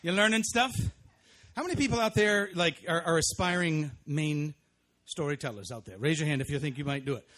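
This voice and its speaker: A man emceeing a live show on an outdoor festival stage, energetic and joking with the crowd. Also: fairly high pitch, a little fast. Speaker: master of ceremonies.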